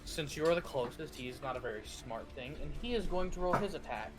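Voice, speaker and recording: A man's voice: fairly high pitch, animated, a little fast, over loud music. A man narrating and running a tabletop game as game master, describing actions with lots of fillers and restarts. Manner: narrates actions with frequent fillers and self-corrections.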